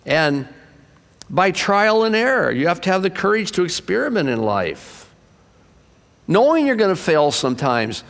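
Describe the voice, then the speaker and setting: A man in his sixties preaching a sermon to his church, impassioned, swinging from loud bursts to hushed low asides. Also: sing-song, moderate pace, vocal fry. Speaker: pastor. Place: church sanctuary. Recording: long reverb of a church hall.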